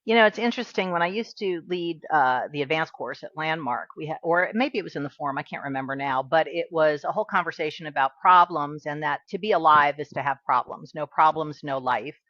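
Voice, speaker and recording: A woman's voice: low-pitched, brisk, hardly any pauses, a bit bright, dry recording, dull audio. A woman hosting an interview, speaking in an eager, affirming and reflective way. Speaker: podcast host. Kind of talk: conversational interview.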